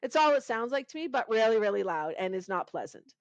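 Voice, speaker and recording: A woman guest on a podcast interview, talking in an animated, conversational way, often laughing and restarting her sentences. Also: fairly high pitch, fast talker, no echo, lo-fi sound. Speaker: podcast guest, pain reduction coach.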